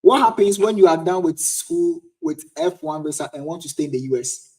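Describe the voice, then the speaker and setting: A man's voice: on the high side, huge pitch swings, a little fast, a little mellow. A young Ghanaian man in his twenties hosting a casual livestream chat and answering viewers' questions. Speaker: livestream host. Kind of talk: casual live-stream chat.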